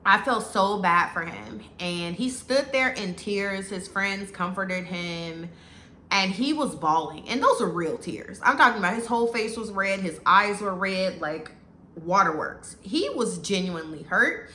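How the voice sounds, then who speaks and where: A woman's voice: medium pitch, animated, measured pace, bright, forceful tone. A woman giving a casual, opinionated recap of a reality show, talking bluntly and with animation. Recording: echoey room with faint noise.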